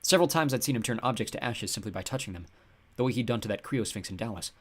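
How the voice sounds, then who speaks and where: A man giving wry, expressive first-person audiobook narration. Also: lowish voice, fast talker, slightly rough.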